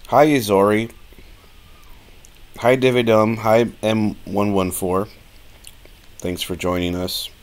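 A man's voice: on the low side, steady tone, slow, long pauses. A man casually talking through a live-streamed modeling tutorial, thinking aloud with plenty of fillers and restarts.

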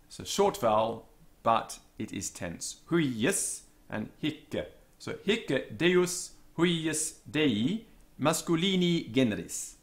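A man teaching Latin vocabulary, slowly pronouncing and repeating each word with careful pronunciation notes. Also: on the high side, very animated. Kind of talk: slow vocabulary lesson with repeated Latin words.

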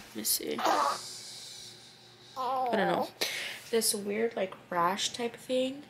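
Chatty young woman with a gravelly edge. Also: mid-range voice, unhurried, a little hiss or hum. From Connecticut, USA. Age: 20s. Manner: emotional, tearful, chatty with many fillers. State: stuffy, sniffly from a cold. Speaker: vlogger, new mother. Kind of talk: casual vlog chat to camera. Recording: music playing underneath.

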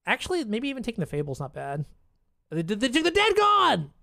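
A streamer giving casual live commentary on their own card game, muttering, swearing and breaking into excited outbursts. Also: medium pitch, a little fast, vocal fry, no room sound, clean studio sound. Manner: chats to chat and opponent.

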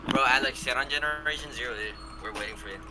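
A man's voice: medium pitch, quick pace, heavy background noise. A young man chatting and bantering dryly with a friend while they play a game. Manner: dry, bantering. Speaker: gamer playing with friends. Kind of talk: casual game chat. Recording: loud music behind. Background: loud background music.

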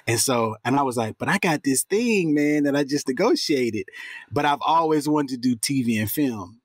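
A man, an actor guest, telling stories in a casual interview in a slangy, animated way and acting out the people he quotes. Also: mid-range voice, normal speed, slightly rough, no echo.

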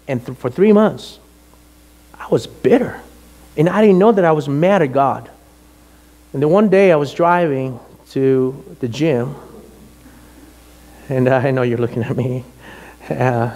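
A middle-aged man, a pastor, telling a personal story in a sermon with animated, emotional delivery. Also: on the high side.

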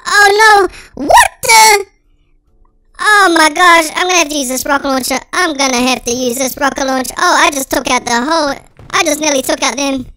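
A gaming channel host giving excitable, dramatic let's-play commentary through a sped-up chipmunk voice filter. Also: very high voice, no echo.

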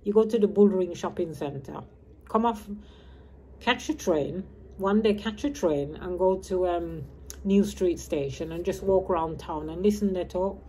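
A woman in her fifties, raised in Birmingham, talks on and on in a loose, wandering vlog chat, dropping her H's as she goes. Her voice sits a little low and sounds soft and mellow. A faint hum of ambient noise runs behind her. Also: unhurried. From grew up in Birmingham, England. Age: 50s. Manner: chatty and meandering, drops her H's. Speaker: vlogger. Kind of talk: casual rambling chat.

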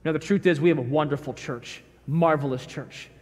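A male pastor preaches a sermon in an emphatic style, slipping into the voices of the people he quotes. His voice sits high for a man, and it rings with the long reverb of a church sanctuary. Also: brisk.

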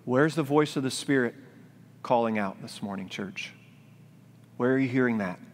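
A man preaching a sermon as pastor, speaking in a gentle, reflective, pleading way. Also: medium pitch, moderate pace. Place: church sanctuary, live-streamed. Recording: long church-hall reverb.

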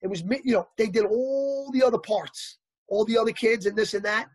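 Man, husky voice, animated storytelling, acts out quotes, dry close sound. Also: high-pitched, brisk, no echo. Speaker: actor guest. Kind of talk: casual storytelling interview.

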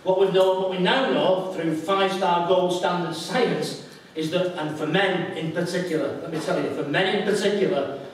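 A middle-aged man giving a witty, animated conference talk and acting out drinkers' voices. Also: high voice, moderate pace, a little hiss or hum. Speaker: conference speaker. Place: large conference hall. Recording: echoey hall, from far off.

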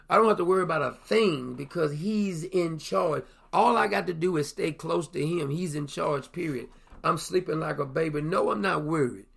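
At normal speed and with a slightly bright tone, a man with a high, gravelly voice gives a loose, conversational radio sermon, apparently from a broadcast studio. Husky and breathy, he speaks animatedly, repeating words and playing the characters in his anecdotes.

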